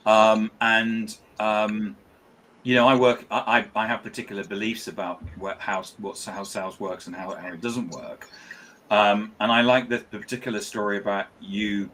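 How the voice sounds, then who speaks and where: A man hosts a casual podcast interview and stumbles through his questions with many restarts. His voice sits a little low, but its tone is bright and sharp. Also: level tone. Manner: halting, many restarts and fillers. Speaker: podcast host.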